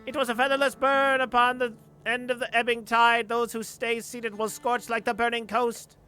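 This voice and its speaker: A man's voice: very high voice, flat delivery, normal speed, bright, forceful tone, clean tone, soft background music, voice pushed up. A man doing a pompous preachy bird. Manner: grandiose, preachy, self-important. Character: pompous proud male bird zealot. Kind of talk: reading game dialogue aloud.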